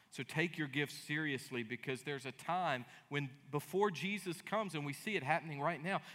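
A middle-aged man, preaching a sermon as pastor. He acts out dialogue in lively voices and breaks into sudden loud bursts. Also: mid-range voice. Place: church sanctuary. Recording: long hall reverb.

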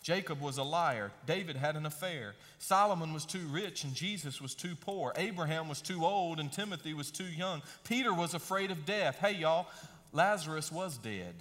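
A middle-aged man preaching a sermon in a folksy, emphatic style, swinging between loud and hushed delivery. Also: a little high, lively intonation, moderate pace. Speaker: pastor. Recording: long reverb of a large hall.

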